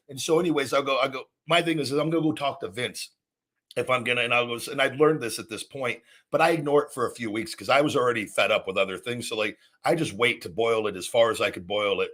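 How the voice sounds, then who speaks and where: Bright-voiced man telling a rambling story. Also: mid-range voice, a little fast. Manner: rambling, profane, repeats himself. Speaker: host. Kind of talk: casual storytelling.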